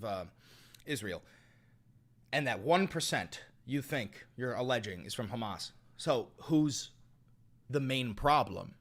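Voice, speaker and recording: A man's voice: mid-range voice, fairly bright tone. Profane, mocking live-stream commentator man. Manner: heated, profane, mocking rants.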